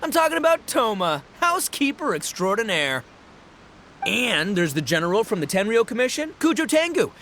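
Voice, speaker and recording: A loud boastful gang boss. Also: male voice, high-pitched, sing-song, moderate pace, slight background noise, exaggerated voice. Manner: boisterous, bragging, laughing, stumbling over fillers. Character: brash boastful young male gang boss. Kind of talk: game voice acting.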